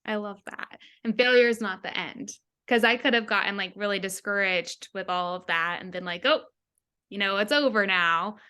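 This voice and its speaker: Bright-voiced earnest woman guest. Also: mid-range voice, fairly even intonation, moderate pace, hardly any pauses, clean tone. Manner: earnest, reflective, acts out her own past thoughts. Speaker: health coach, podcast guest. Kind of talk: casual interview chat.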